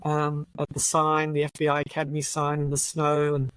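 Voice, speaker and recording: A woman's voice: deep voice, completely flat delivery, normal speed, clean tone, no room sound, rough recording. An older woman with an Australian accent, a retired police officer telling anecdotes as a guest, chatty and laughing often.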